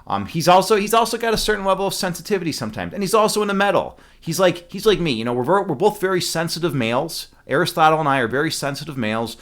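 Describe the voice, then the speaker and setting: A man's voice: on the high side, lively intonation, fast talker, hardly any pauses, fairly bright tone. A man streaming live, chatting loosely with his viewers, rambling with many fillers and restarts and laughing at his own jokes. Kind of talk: casual chat with live chat.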